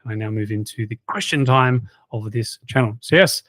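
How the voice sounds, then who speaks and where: A man in an easygoing host voice works through a long list of thanks, cracking small jokes between names and tripping over spellings. His pitch sits in a middle range, and the sound is dry and close with no room echo. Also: normal speed, fairly bright tone. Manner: jokey, stumbles over hard names with quips. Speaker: health coach and channel host. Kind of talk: casual chat, reading out subscriber thanks.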